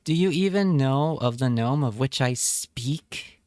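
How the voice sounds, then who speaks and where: Slow, playful streamer guy, clear voice. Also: mid-range voice, animated, a little mellow, dry recording, studio quality. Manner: playful, jokey, reads chat aloud. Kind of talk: casual live-stream chat.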